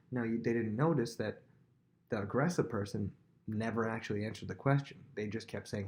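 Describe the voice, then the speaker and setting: A man's voice: medium pitch, fairly quick, darkish tone. Man teaching a casual Bible lesson. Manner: conversational, rambling, thinking aloud.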